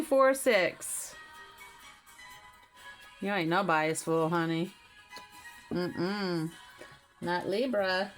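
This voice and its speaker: A woman's voice: on the low side, fairly bright tone. A woman giving a casual tarot reading, talking straight to the viewer in a chatty way and laughing easily. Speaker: tarot reader. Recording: faint music behind.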